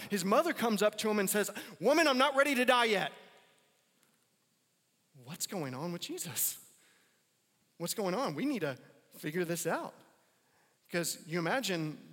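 A man's voice: high voice, a bit bright, in a large hall. A man preaching a sermon as a pastor, casual and conversational, repeating phrases for emphasis.

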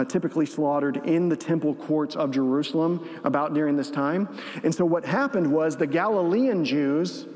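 A man preaching a sermon as pastor, animated, acting out the lines he quotes. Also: fairly high pitch. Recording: long reverb of a large hall.

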